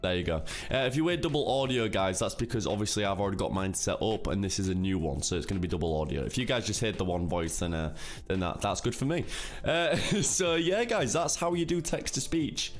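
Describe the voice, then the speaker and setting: A man with a somewhat low voice talks through a screen-recorded tutorial in a loose, chatty way. He leans on fillers and keeps calling his viewers "guys". Soft music plays faintly behind him. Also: animated, a little fast. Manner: chatty, often says "guys", filler-heavy. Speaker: streamer.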